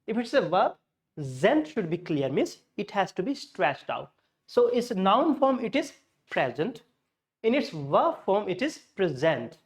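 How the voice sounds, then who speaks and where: With a high-pitched, sing-song delivery at a measured pace, a man teaches a class on pronunciation. As an English teacher, he lays things out step by step, tossing in Hindi glosses and correcting himself.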